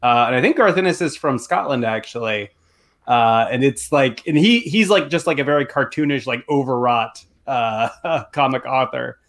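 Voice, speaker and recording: A man's voice: medium pitch, lively intonation, moderate pace, a bit bright. A man co-hosting a podcast, chatting casually and dropping wry jokes. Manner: wry, joking asides.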